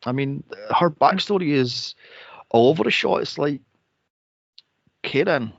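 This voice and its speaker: A man co-hosting a film podcast, sarcastic and profane, mocking characters with shrill impressions. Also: expressive, measured pace, creaky, dry recording. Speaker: podcast co-host reviewing a film. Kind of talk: casual chat. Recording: dull lo-fi dry podcast audio.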